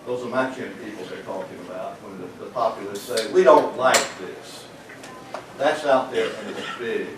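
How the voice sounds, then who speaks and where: A man's voice: fairly low pitch, brisk, few pauses. Older man, economics lecturer, folksy storytelling, asks the room questions; roomy far-off mic. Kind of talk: anecdotal lecture to a live audience. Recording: echoey lecture room from a distant mic, noisy.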